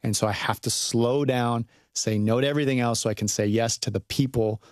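Man, earnest preacherly delivery, mid-pitched voice, dry close sound. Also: fairly even intonation, fairly quick, no room sound. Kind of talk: casual faith discussion.

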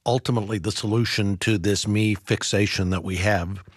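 A man hosting a podcast, thinking aloud in a halting, searching way. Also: on the low side, steady tone, husky, no room sound, clean studio sound. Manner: thoughtful, halting, searching for words. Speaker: podcast host. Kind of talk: reflective discussion.

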